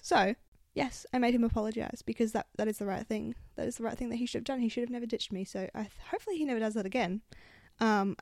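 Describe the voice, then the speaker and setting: A woman's voice: a little high, darkish tone, no echo, studio quality. A woman, telling stories in a casual, chatty way, swearing often and filling with "like", into a handheld mic. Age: 20s. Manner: chatty, swears a lot, lots of fillers. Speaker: vlogger. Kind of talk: casual storytelling. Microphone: handheld microphone.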